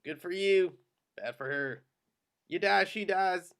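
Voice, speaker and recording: A man's voice: high voice, slow, a bit bright, smooth, full character voice. A man reading the part of a brash American officer in an amateur script reading, drawling and coaxing.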